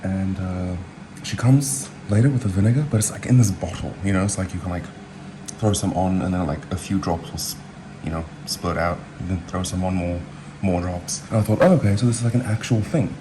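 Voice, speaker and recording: A man's voice: deep voice, fairly even intonation, brisk, background noise. A man from New Zealand who hosts his own cooking video, chatting in a loose, rambling way full of asides and filler words. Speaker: home cook vlogger. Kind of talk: casual cooking chat.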